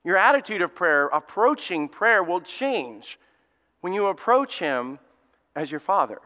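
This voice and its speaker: A man's voice: sits high, sing-song, unhurried, pushed and bright, in a large hall. A male pastor from Alabama with a Southern accent, preaching a conversational sermon and telling stories with lots of fillers and restarts. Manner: casual storytelling with many fillers and restarts. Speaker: lead pastor.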